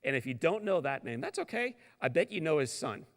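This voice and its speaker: A middle-aged man from St. Louis giving a motivational keynote, telling his story dramatically and moving between booming lines and near-whispers. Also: very animated, a little fast. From St. Louis, Missouri. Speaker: keynote speaker. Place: large conference hall. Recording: long hall reverb.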